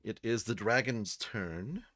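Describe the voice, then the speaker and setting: Low-voiced man running a tabletop game. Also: takes it slowly, a bit bright. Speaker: game master.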